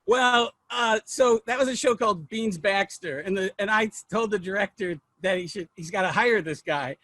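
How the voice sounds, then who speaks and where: A man's voice: high voice, moderate pace, pushed and bright, no room sound. A man, a comedian and filmmaker, telling rambling, self-mocking stories in an interview. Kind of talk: anecdotal interview storytelling.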